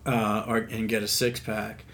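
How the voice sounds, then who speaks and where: A man hosting a podcast at his home, casually chatting about beer and telling an animated, playful story. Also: fairly low pitch, measured pace, creaky. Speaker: podcast host. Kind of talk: casual beer-tasting chat. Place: his own house.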